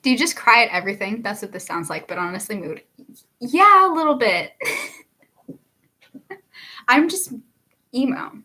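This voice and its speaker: A woman's voice: medium pitch, animated, fairly quick, bright, forceful tone. A young woman, a singer-songwriter hosting a casual livestream, chatting, laughing often and reading viewer comments aloud.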